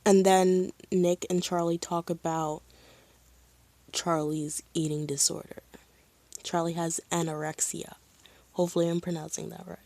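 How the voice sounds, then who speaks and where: A woman streaming live, chatting casually and excitedly as a fan, with lots of "like" and "um". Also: on the low side, unhurried, creaky, pauses often, dry recording. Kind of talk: casual chat.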